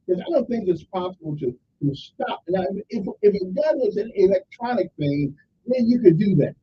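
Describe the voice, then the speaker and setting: A man's voice: high-pitched, sing-song, moderate pace, far from the mic, highs cut off, slight background noise. A man hosting a radio call-in show in casual talk, rambling and often checking in with "okay?". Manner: rambling, keeps asking "okay?".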